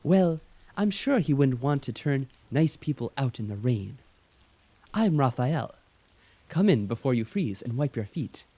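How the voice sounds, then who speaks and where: A man's voice: medium pitch, very animated, a little slow, dark tone, husky, full character voice. A man voicing a friendly, welcoming young man at a mansion door while reading a visual novel aloud.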